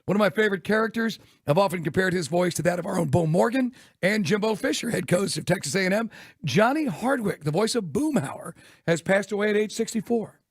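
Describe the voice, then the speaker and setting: A man co-hosting a sports radio show, telling stories quickly and laughing often. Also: high voice, lively intonation, dry recording, clean studio sound. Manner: rapid storytelling, laughs often. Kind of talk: casual radio chat.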